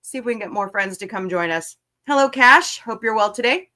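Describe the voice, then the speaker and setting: A woman's voice: fairly high pitch, lively intonation, fairly quick, sharp tone. A woman hosting a casual livestream talk show, joking around and greeting her viewers by name.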